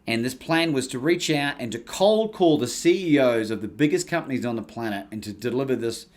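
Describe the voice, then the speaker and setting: A man with an Australian accent, a podcast guest telling a story in casual, animated talk and acting out the people he quotes. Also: mid-range voice, a little fast. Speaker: guest, courage coach.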